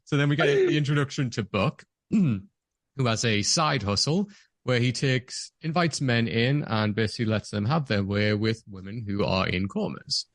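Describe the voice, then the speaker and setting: A man's voice: mid-range voice, expressive, moderate pace, no echo, clean studio sound. A man, co-hosting a podcast and talking through a film with eager enthusiasm. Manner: enthusiastic, acts out scenes. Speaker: podcast co-host. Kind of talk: casual movie review chat.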